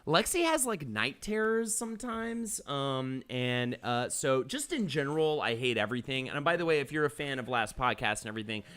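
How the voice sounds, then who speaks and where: A man's voice: mid-range voice, animated, normal speed, hardly any pauses, fairly bright tone, smooth. A man hosting a live-streamed podcast, reading chat comments aloud and telling stories casually, with swearing. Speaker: podcast host.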